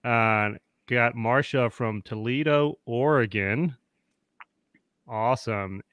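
A man's voice: medium pitch, slow pace, fairly bright tone, smooth, no echo. A man hosting a live-streamed panel interview, chatty and upbeat, greeting viewers by name. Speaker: host.

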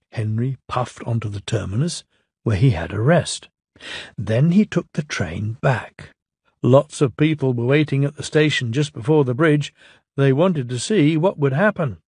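A man reading a children's storybook aloud in a lilting, expressive way. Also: mid-range voice, measured pace, slightly rough, no echo, clean studio sound. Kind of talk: storybook narration.

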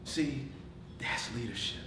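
A man giving a motivational talk to a room of managers, swinging from shouts to near-whispers, laughing often and calling on the audience. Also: mid-range voice, slow pace, reverberant, recorded from a distance, noisy background. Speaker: motivational speaker. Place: meeting room.

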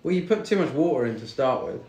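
A man's voice: fairly high pitch, big pitch swings, quick pace, darkish tone. A young British man in his twenties, chatting and teasing casually while cooking in a home kitchen. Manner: banter, teasing and swearing. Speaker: streamer. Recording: roomy echoey kitchen.

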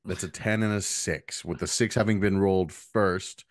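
A man playing in a tabletop game, joking and talking in quick, excited bursts. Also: deep voice. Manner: joking, animated, quick restarts. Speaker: player. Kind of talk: casual tabletop game chat.

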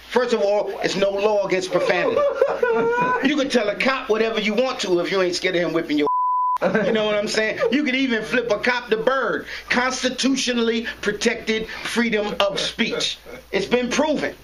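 A man telling a street story in a casual interview, animated and slangy, acting out the voices in it. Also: sits high, moderate pace, over a noisy crowd, rough recording. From New York. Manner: animated, slangy, acts out dialogue, laughs often.

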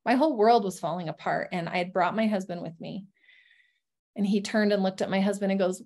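Speaking fairly quickly in a medium-pitched, darkish voice, a woman recounts her life story as a guest. Her personal testimony is candid and earnest, dotted with ums and restarts.

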